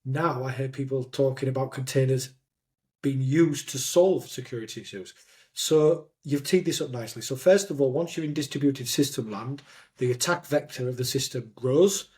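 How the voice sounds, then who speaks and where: A man with a Yorkshire accent hosting a podcast, telling animated stories and acting out what people said. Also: medium pitch, normal speed. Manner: animated storyteller, acts out quotes. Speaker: podcast host. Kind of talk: casual conversation.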